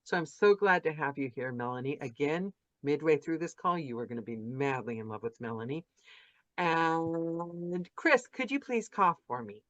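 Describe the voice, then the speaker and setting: A woman's voice: low-pitched, animated, moderate pace, no echo. An enthusiastic woman hosts a casual chat over a video call, piling on praise and circling back mid-sentence. The sound is dry and a bit dull. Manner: effusive, chatty, rambling with restarts. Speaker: podcast host interviewing narrators.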